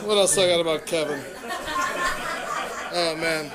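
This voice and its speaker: Man, roast emcee, teasing, bright sharp voice, slow unhurried delivery. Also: fairly high pitch, steady tone, a faint crowd. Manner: teasing, playful, introduces next act. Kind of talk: stand-up roast set.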